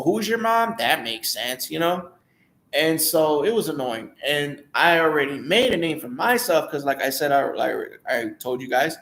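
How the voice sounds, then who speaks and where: A man's voice: medium pitch, vocal fry, a bit bright, echoey room. A young man candidly telling a rambling personal story, restarting and acting out quoted voices.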